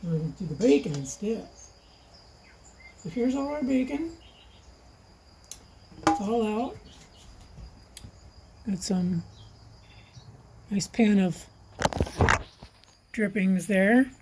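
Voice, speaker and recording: Slow-talking retired woman in her kitchen. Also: mid-range voice, animated, background noise. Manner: chatty, homey, talks while eating. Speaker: vlogger. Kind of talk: casual cooking vlog. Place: home kitchen.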